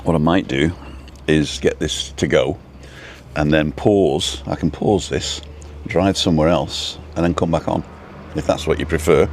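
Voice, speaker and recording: A man with an unhurried, darkish bass voice hosts a casual live stream from an outdoor food stop. He rambles between topics and reads out viewers' names, with faint traffic and building work in the background.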